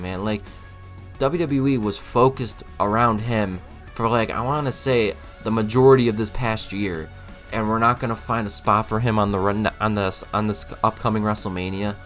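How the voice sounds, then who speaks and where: Man, young, casual vlog rant, emphatic, rambling, lowish voice. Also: moderate pace, fairly bright tone, soft background music. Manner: rambling, emphatic, frequent restarts and fillers. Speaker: wrestling commentary vlogger. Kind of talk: casual opinion monologue.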